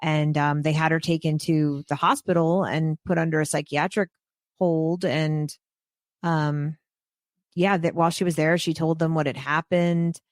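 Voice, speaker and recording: A woman hosting a true crime podcast who asks thoughtful, hesitant questions with many pauses and "um"s. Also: sits low, steady tone, dry recording, studio quality. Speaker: podcast host. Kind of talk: casual conversational questions.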